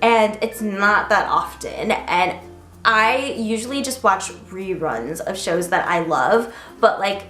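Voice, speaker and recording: A woman's voice: mid-range voice, fairly bright tone. A young woman chatting casually to camera in a vlog, bubbly and giggly, with lots of "like" fillers. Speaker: vlogger. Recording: roomy echo, faint music behind.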